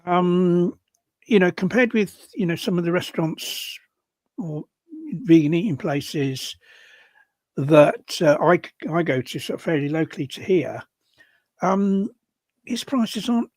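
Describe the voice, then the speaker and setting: An older man from England co-hosting a casual discussion, talking in halting bursts with many restarts and repeated words. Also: high-pitched, expressive, a little mellow, no echo. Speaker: podcast co-host.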